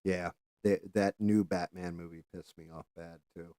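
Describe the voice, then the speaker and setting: A man with a low, warm, mellow voice hosts a livestream, rambling casually from thought to thought and swearing freely. He trails off now and then while doing careful handwork at his desk, his intonation fairly even and his speed normal. The sound is dry and close, with no room sound.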